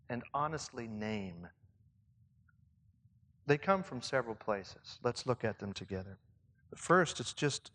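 In a hall with long reverb, a man with a medium-pitched, slightly bright voice leads church leaders in a conversational sermon. He sounds reflective and poses questions to his listeners.

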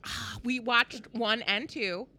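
A woman's voice: a little high, fairly even intonation, slow, pushed and bright, a little hiss or hum. A woman co-hosting a podcast in casual chat, playful and blunt, laughing often. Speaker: podcast co-host.

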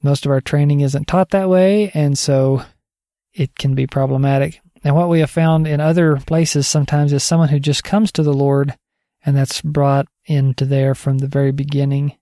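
A man's voice: a little high, flat delivery, normal speed, dark tone, no room sound, studio quality. A man giving a casual spoken teaching update on discipling others, conversational and digressive, thinking aloud as he goes.

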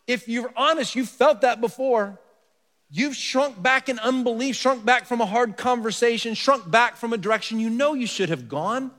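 Earnest preacher in a reverberant hall. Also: male voice, high-pitched. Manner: earnest preaching, drops soft for scripture, rises with emphasis. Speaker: pastor. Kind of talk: sermon.

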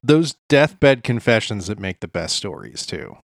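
This is a man co-hosting a podcast, chatting in an easygoing, agreeable way. He leans on casual filler words. His pitch moves a lot, and the sound is dry and close. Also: measured pace, vocal fry, no echo. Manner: relaxed, agreeable, says "dude" and "like". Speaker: podcast co-host. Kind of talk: casual chat.

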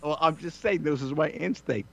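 A man's voice: on the high side, moderate pace, creaky, a bit bright. A man in his thirties telling crude, rambling, self-mocking stories in casual chat. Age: 30s.

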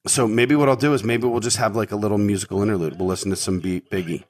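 A middle-aged man with a fairly low voice hosts his own show and tells a story in a loose, rambling way. He fills his talk with ums and repeated words. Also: fairly even intonation, fast. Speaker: podcast host. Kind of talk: casual storytelling monologue.

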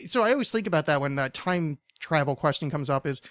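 A man's voice: a little high, animated, fast talker, a bit bright, dry recording, studio quality. A man in his thirties hosting a podcast, telling a long rambling story full of swearing. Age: 30s. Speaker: podcast host. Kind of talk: casual chat.

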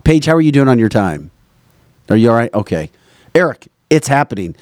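A man's voice: medium pitch, big pitch swings, darkish tone, no room sound, clean studio sound. Exasperated male podcast host. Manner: brisk, exasperated, directs the producer. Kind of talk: casual political talk.

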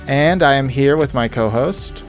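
A man's voice: medium pitch, measured pace, soft background music. Upbeat podcast host guy. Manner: playful, upbeat intro delivery. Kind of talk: casual podcast chat.

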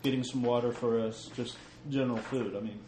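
Male player, middle pitch, casual quips, echoey room. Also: fairly even intonation, a little fast, a little mellow. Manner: joking, casual. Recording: echoey room with faint noise.

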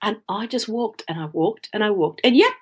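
Woman, animated storyteller, emphatic repetition, podcast guest. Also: mid-range voice, a little fast, breathy edge. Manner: animated, emphatic, repeats phrases for effect. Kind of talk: personal storytelling in conversation.

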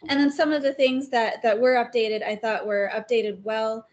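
Woman, slightly high pitch, chatty, laughs often, casual interview. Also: flat delivery, normal speed, a little mellow, muffled recording. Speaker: guest writer.

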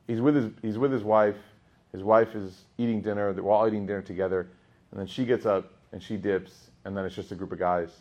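Husky man teaching an animated class. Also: fairly low pitch, fairly quick, lo-fi sound. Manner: animated, shifts from loud emphatic to hushed. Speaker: Islamic teacher. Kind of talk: lively class talk with storytelling.

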